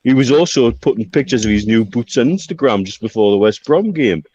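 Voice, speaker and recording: A man co-hosting a football podcast, talking in a measured way with many fillers and restarts, on a dull, dry recording. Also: medium pitch, lively intonation, darkish tone, no room sound. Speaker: podcast co-host. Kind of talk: casual football chat.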